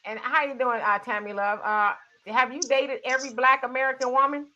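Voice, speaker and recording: A woman's voice: high voice, fairly even intonation, brisk, bright, forceful tone, lo-fi sound. A woman hosting a casual online group chat, blunt and challenging, often cutting in to push back. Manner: blunt, challenging, talks over others. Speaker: host.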